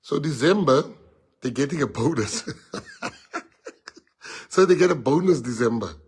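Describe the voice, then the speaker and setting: A man with a South African accent telling a casual anecdote in an interview, talking in an animated way and switching between English and Afrikaans. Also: mid-range voice, measured pace, slightly rough. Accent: South African, mixing in Afrikaans.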